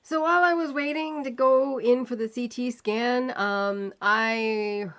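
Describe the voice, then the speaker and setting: A woman vlogger telling a personal story in a casual, animated way, acting out the quoted voices and laughing now and then. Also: on the high side, measured pace.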